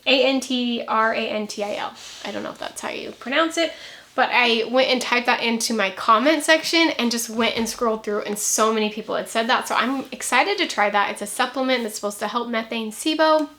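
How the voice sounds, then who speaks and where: A young woman vlogging to camera in a chatty, rambling way, talking quickly and laughing now and then. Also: a little high, fairly bright tone. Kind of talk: casual chat to camera.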